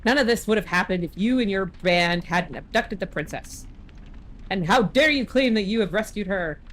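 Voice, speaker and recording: A woman's voice: medium pitch, expressive, moderate pace, slight background noise, close to an everyday voice, poor audio. A woman reading out a stern old knight, indignant and scolding. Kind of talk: reading game dialogue aloud.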